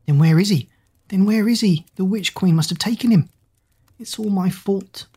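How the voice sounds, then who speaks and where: A reader voicing Kira, an anxious, flustered schoolgirl, in a higher, breathless voice. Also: normal speed, warm tone, breathy edge, close to an everyday voice. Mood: panicked.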